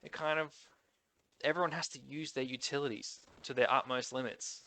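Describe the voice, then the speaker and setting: Australian man, nasal, bright forceful tone, casual gaming commentator. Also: medium pitch, steady tone, moderate pace, no echo. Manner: chatty, rambling, thinks aloud. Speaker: gaming YouTuber. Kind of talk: casual commentary on update notes.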